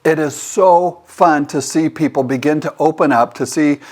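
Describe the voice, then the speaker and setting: Middle aged guy teaching networking tips, kinda high voice, plays out little conversations as he goes. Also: moderate pace. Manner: animated storytelling, acting out dialogue. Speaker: leadership teacher and host. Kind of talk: motivational talk.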